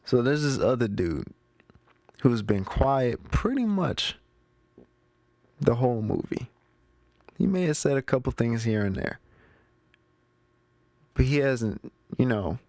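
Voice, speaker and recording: With big pitch swings and frequent pauses, a man at a measured pace recaps a movie plot on his own review show, chatty and slangy and speaking directly to his audience. His medium-pitched voice is a little mellow, with no echo.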